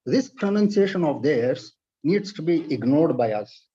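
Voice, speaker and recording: Man, from India, high-pitched, mellow tone, precise lecture delivery, dull lo-fi sound. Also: lively intonation, slightly rough. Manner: measured, precise, explanatory delivery. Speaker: lecturer on Russian pronunciation. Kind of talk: read-aloud lecture. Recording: dull lo-fi recording.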